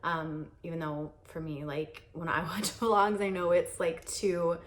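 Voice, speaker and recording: Speaking a little slowly with a flat delivery, this young woman has a lowish voice over slight background noise. She rambles casually to a tripod camera in a carpeted guest room, laughing and filling pauses often.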